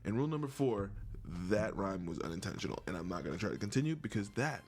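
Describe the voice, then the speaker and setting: A man's voice: fairly low pitch, sing-song, fast talker. Just a dude rambling goofy nonsense to his camera, cussing, giggling, kinda scattered. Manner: goofy, scattered, swears and laughs often. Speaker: video creator. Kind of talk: rambling comedic monologue to camera.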